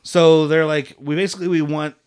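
A man's voice: on the high side, level tone, a little fast, darkish tone, smooth. A man co-hosting a podcast, recapping a film in casual chat, rambling with lots of fillers and free swearing. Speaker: podcast co-host.

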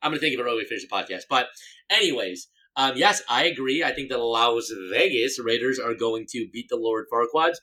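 Rambly jokey podcast cohost, mid-pitched, loose football chat. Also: lively intonation, fairly quick, pushed and bright, poor audio. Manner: rambling and jokey, with fillers and restarts. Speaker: podcast co-host. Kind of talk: casual sports chat.

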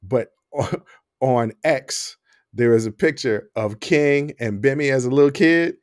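This podcast co-host speaks in a mid-range voice at an unhurried pace, recorded dry in a clean studio. His casual chat is animated; he talks with his hands and laughs a lot.

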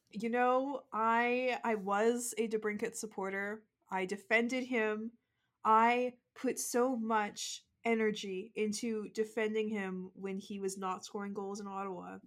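Woman cohost chatting casually on a podcast, mid pitch, lots of "like"s. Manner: chatty, frequent "like" and "mm-hmm". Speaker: podcast co-host. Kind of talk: casual sports chat.

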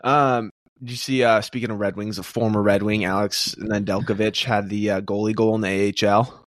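A man co-hosting a podcast, chatting in loose, excitable banter with his friends. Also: on the low side, a little fast, no room sound, clean studio sound. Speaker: podcast co-host. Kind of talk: casual chat.

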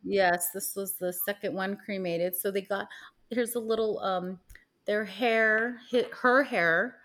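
Young woman, casual co-host, gossipy, theatrical retellings, medium pitch. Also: fairly even intonation, takes it slowly, a bit bright. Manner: gossipy, dramatic quoted voices, swearing. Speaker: podcast co-host. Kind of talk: casual chat.

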